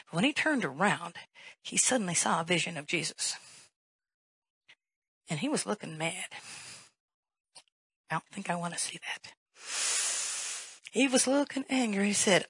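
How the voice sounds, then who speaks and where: A woman's voice: fairly low pitch, expressive, a little slow, pauses often, a bit bright, breathy edge, no echo, low-quality recording. A woman pastor preaching a sermon in an emphatic way, firing rhetorical questions and rising to a raised voice.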